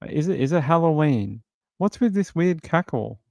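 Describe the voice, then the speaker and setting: A man's voice: on the high side, expressive, moderate pace, muffled recording, heavy background noise. A man hosting a true crime stream, mocking a news clip with sarcastic rhetorical questions. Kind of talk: live commentary on a news clip.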